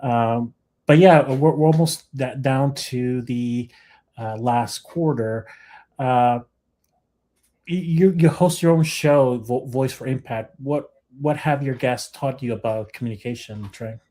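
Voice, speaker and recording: A man hosting a podcast interview over a video call, speaking haltingly with many fillers and restarts. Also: medium pitch, dark tone. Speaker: podcast host.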